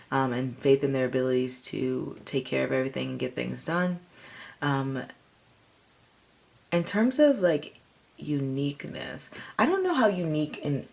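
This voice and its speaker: A woman's voice: sits low, creaky, darkish tone. A woman giving a casual tarot reading, rambling with lots of fillers. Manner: rambling, filler-heavy, chatty. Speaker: tarot reader.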